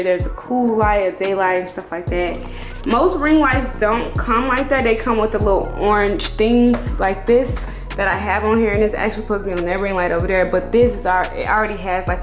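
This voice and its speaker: A young woman giving a casual, profane tour of her open loft-style salon suite, calling her viewers y'all. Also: medium pitch. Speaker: salon owner vlogger. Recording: echoey room with music playing.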